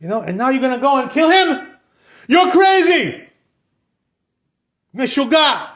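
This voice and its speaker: A man's voice: extremely high pitch, animated, fast talker, fairly bright tone, voice pushed up. A man voicing a scheming male devil who badgers with incredulous questions.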